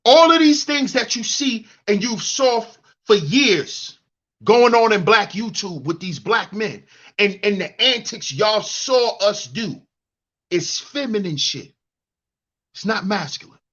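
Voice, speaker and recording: A man's voice: high voice, expressive, measured pace, fairly bright tone, lo-fi sound. A man hosting a heated commentary monologue, preaching at other men and mocking them in a whiny put-on voice. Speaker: commentary channel host. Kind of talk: heated monologue reading live chat.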